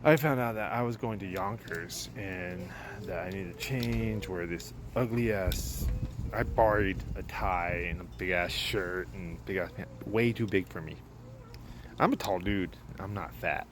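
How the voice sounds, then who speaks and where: Deep-voiced man telling a rambling story. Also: a little slow, background noise. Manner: rambling, self-correcting, casually profane. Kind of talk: casual storytelling. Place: outdoors at a backyard barbecue.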